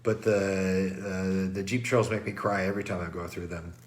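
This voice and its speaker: A man's voice: low voice, little pitch movement, moderate pace. A middle-aged man, stuffed up from trail dust, giving a casual, rambling pre-race briefing with many fillers and restarts. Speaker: race director.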